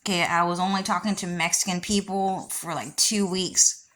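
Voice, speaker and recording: A woman's voice: on the low side, steady tone, normal speed, a bit bright. A woman vlogger talking in a casual, rambling monologue with many restarts and frequent swearing.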